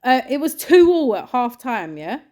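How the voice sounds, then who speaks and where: A woman, co-hosting a casual podcast chat and telling a story with lots of acted-out shouts and quotes. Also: high voice, very animated, normal speed. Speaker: podcast co-host.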